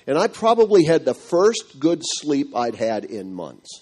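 A middle-aged man telling a church audience his marriage story in an animated, storytelling way. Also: fairly high pitch, measured pace, slightly rough. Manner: animated storytelling, acting out quotes. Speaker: speaker giving a marriage testimony.

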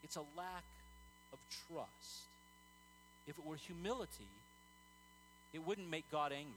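A man's voice: fairly high pitch, a little slow, fairly bright tone, slight background noise, rough recording. A man preaching a sermon in an earnest, conversational way, telling stories with many fillers and restarts.

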